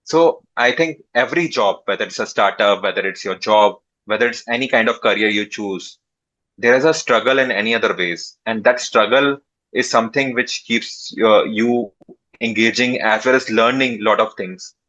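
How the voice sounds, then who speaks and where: Bright-toned man, halting answers. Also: fairly low pitch, muffled recording. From India. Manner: halting, pauses often with drawn-out fillers. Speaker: startup founder, interview guest. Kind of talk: interview answers.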